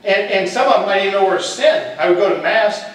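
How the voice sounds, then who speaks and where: A man's voice: high voice, lively intonation, a little fast, a little hiss or hum. A middle-aged man, a football coach and teacher, telling his personal testimony in a candid, humorous storytelling way. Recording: echoey hall, distant mic.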